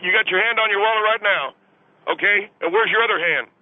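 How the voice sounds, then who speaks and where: A man's voice: high-pitched, fast talker, no echo. A man calling a radio show from a moving car, indignant and stammering as he rambles on. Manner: indignant, stammering, long-winded. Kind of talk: call-in radio interview. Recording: tinny phone line with road noise.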